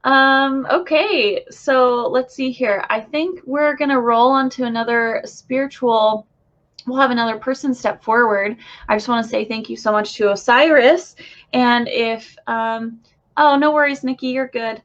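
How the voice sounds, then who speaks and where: A woman talks loosely and warmly to her live-stream viewers, filling pauses with plenty of ums and restarts. Her voice sits a little high. The audio is dull and lo-fi, like a compressed stream. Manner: chatty, loose, many fillers. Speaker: spiritual channeler hosting a live stream.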